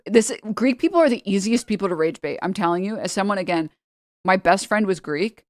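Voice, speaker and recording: A woman's voice: medium pitch, no echo, clean studio sound. A woman from New York, a streamer giving casual reaction commentary, rambling and repeating her points for emphasis.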